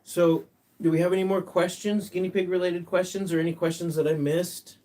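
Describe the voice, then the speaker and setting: A man hosting a casual livestream, chatting and reading viewer comments aloud, sometimes jumping into a high sing-song voice to coax his pet bird. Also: little pitch movement, fairly quick, dark tone. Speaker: pet rescue livestream host.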